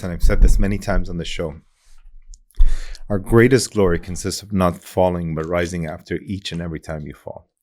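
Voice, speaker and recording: A man hosting a podcast, asking measured interview questions and quoting sayings. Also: deep voice. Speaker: podcast host.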